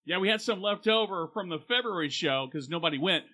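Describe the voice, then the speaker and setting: A man's voice: high voice, lively intonation, a little fast, bright, forceful tone, voice pushed up. A man doing a peppy late-night radio DJ. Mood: upbeat. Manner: bouncy announcer patter, rising and punchy. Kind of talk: mock radio announcement.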